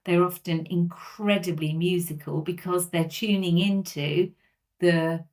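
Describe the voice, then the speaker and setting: A woman from England speaks in a low register. She explains her work as a speech and language therapist in a podcast conversation, earnest and full of worked examples. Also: steady tone, a little slow, a little mellow.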